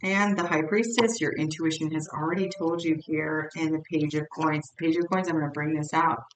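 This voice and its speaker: A lower-voiced woman reads tarot cards in a blunt, chatty manner and circles back to the same points again and again. The sound bounces around a roomy space, she sits some way from the mic, and faint noise hums underneath. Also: steady tone, normal speed, distant mic. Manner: blunt, chatty, repeats herself. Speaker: tarot reader. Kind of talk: tarot card reading.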